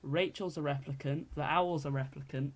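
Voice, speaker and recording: A man appearing as a guest on a podcast, chatting casually and answering quiz questions quickly but tentatively. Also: fairly high pitch, steady tone.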